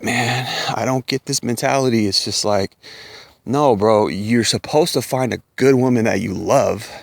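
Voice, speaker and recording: A middle-aged man delivers a scornful, profanity-laced rant straight to the listener. His voice sits at an ordinary pitch and sounds close and dry, with little room around it. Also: vocal fry, no echo. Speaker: commentator. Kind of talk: blunt rant to camera.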